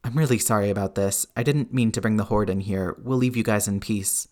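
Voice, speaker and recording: A man voicing an earnest adult male hero who speaks in halting apologies. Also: fairly low pitch, darkish tone, natural voice. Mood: apologetic.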